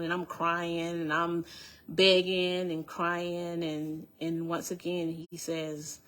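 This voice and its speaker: A middle-aged woman with a lowish voice recounts her own testimony very slowly. She is earnest and halting, restarting sentences and repeating key phrases. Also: steady tone, a bit bright. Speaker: speaker giving a personal testimony. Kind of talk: emotional personal storytelling.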